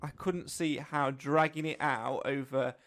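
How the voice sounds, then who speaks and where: A man's voice: medium pitch, steady tone, a little slow, a bit bright. Jokey, rambling male podcast co-host. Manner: jokey, rambling, thinks aloud with restarts. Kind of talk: casual chat.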